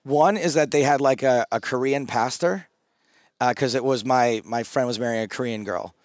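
A man's voice: medium pitch, moderate pace, no room sound, clean studio sound. A man in his thirties on a podcast, telling rambling, self-mocking stories in casual chat, often restarting his sentences. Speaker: podcast co-host.

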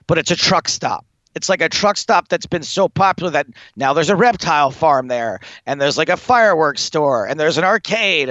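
A young man rambling through comic anecdotes as a podcast guest, animated, swearing often and laughing through his stories. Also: fairly high pitch, no echo, muffled recording. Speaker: guest storyteller.

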